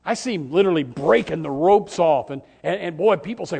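High-voiced male preacher; sermon, hush-to-shout dynamics, repetitive bursts. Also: animated, a little fast, gravelly, husky. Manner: dramatic swings from near-whisper to shouting; repeats words and restarts in bursts.

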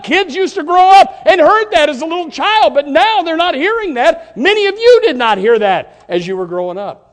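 A man preaching a sermon in a church, impassioned and rising to shouts on key words. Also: very high voice, big pitch swings, moderate pace, hardly any pauses. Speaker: pastor.

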